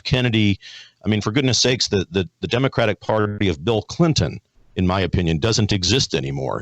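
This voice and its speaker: Talk host, American man, low voice, dry close sound, stumbles and repeats words. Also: no room sound. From United States. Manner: folksy, repeats words, many restarts. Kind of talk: conservative talk show hosting and ad reads.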